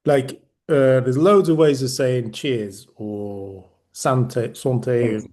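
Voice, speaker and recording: This is a middle-aged man from Yorkshire in casual conversation, with a voice of ordinary pitch. He talks in loose, rambling stretches, stopping and restarting his sentences and repeating words as he goes. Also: slow, a little mellow. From Yorkshire, England. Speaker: podcast co-host. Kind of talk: casual chat.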